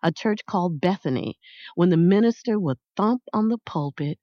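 A woman narrating an audiobook in a measured, lyrical reading. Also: lowish voice, animated, no room sound. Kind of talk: scripted narration. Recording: dry, slightly dull close-mic sound.

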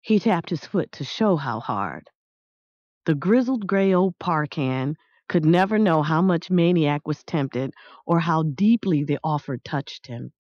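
A woman reading a storybook aloud as its narrator, in an expressive, animated way, in a dull, dry recording. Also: low voice, a little slow, no echo. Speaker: audiobook narrator.

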